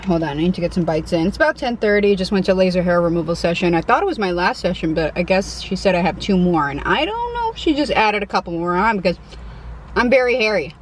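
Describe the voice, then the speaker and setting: A woman's voice: lowish voice, slight background noise, low-quality recording. Chatty woman eating in a parked car. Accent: Connecticut. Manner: chatty and self-deprecating, eating between remarks. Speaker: mukbang vlogger. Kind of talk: casual eating vlog chat.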